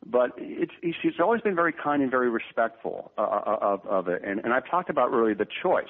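A man in his fifties, a podcast guest telling family stories in a jokey, animated way, full of repeated words and quick impressions. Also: mid-range voice. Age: 50s. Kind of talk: animated storytelling interview. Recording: tinny phone-line audio.

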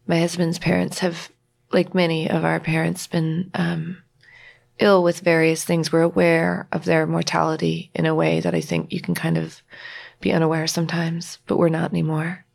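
A woman's voice: deep voice, moderate pace, creaky, darkish tone. A woman sharing a personal family story as a podcast guest, emotional, acting out the voices of the people she quotes. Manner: emotional, acts out quoted dialogue.

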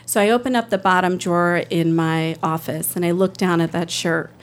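A woman's voice: on the low side, steady tone, normal speed, slight background noise. A woman, a public defender, telling a personal story live on stage in an earnest, emotional, conversational way. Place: stage before an audience.

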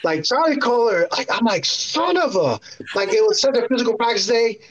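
A man on a remote call chatting casually as a guest analyst, animated and acting out his own reactions. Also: very high-pitched, quick pace, lo-fi sound. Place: standing at a TV studio.

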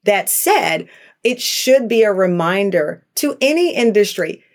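A middle-aged woman speaking candidly as an interview guest, telling animated stories and acting out the voices she quotes. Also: mid-range voice, measured pace. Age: 40s to 50s. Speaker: talk show host, guest.

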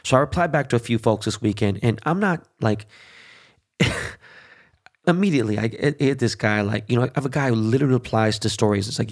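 A man's voice: mid-range voice, expressive, brisk. A middle-aged man hosting a show, ranting in a heated, profane casual monologue full of fillers and restarts. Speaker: show host.

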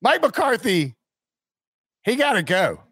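A man in his thirties with a slightly high, very lively voice, ranting and mimicking quotes on a casual sports podcast. The sound is dry and close. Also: takes it slowly, husky, dry recording. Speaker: podcast co-host.

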